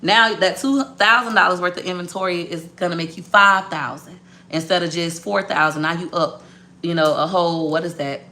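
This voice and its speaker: A woman business owner telling a story to her viewers in a blunt, profane, animated way. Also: fairly low pitch, moderate pace.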